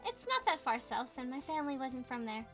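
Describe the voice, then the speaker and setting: A friendly young schoolgirl roommate, read aloud by a woman, chatty and welcoming. Her voice is high and light. Soft game music sits behind her. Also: very animated, brisk, exaggerated voice.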